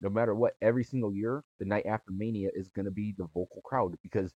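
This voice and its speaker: A man's voice: on the low side, fairly even intonation, fast talker, dry recording, muffled recording. A man co-hosting a wrestling podcast in casual chat, rambling and restarting his sentences. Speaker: podcast co-host.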